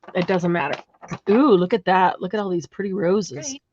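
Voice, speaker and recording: A woman's voice: fairly low pitch, animated, moderate pace, a little mellow, highs cut off, slight background noise. A woman hosting a craft livestream from a home craft room, chatting casually and admiring her materials as she works. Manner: chatty, admiring, thinks aloud while working.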